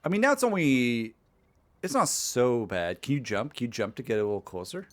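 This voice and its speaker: A man's voice: mid-range voice, big pitch swings, a little fast, a bit bright. Easygoing joking man on a game stream. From Alaska. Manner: easygoing, joking, coaching his partner through moves. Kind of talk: casual gaming stream chat.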